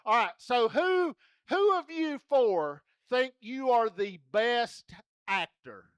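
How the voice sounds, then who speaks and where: A man entertaining a rodeo crowd with a strikingly high voice. He talks slowly and clearly, folksy and joking as he coaxes children along. The sound is close and dry. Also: lively intonation, a bit bright, no echo. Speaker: rodeo entertainer running a kids' contest. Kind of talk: lively arena crowd-work. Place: rodeo arena.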